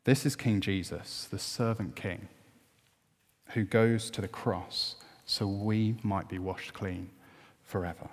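A man's voice: on the low side, steady tone, slow pace. A man preaching a sermon, earnest and at times emphatic. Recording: long hall reverb.

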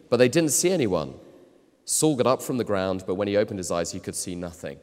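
A man preaching a sermon in an emphatic way, often swinging between loud, stressed phrases and quiet ones. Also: lowish voice, animated, moderate pace. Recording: long hall reverb.

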